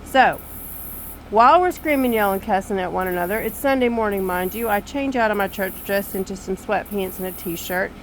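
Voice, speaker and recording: A woman's voice: medium pitch, normal speed, slight background noise, low-quality recording. Older woman telling an exasperated story. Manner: animated, exasperated, self-mocking. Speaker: vlogger. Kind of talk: storytelling to camera. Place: screened back porch.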